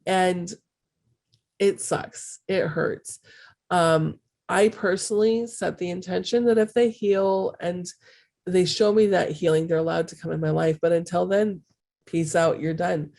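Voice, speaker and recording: Woman, call-class teacher, low mellow voice, casual and rambling. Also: measured pace, vocal fry. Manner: chatty, frequent fillers and restarts, acts out others' voices in quotes. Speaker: spiritual healing teacher. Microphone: call recording.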